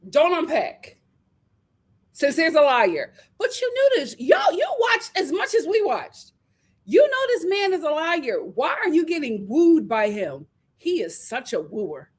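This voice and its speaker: Lively high-voiced woman recapping. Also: breathy edge. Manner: animated, sassy, sings and riffs. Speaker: show recap host. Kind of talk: casual reality show recap.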